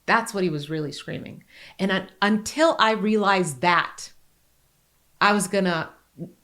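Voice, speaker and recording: A woman's voice: unhurried, a bit bright. A middle-aged woman co-hosting a podcast, speaking in an earnest, emphatic conversational way. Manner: earnest and emphatic, rising in pitch when making a point. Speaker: podcast co-host.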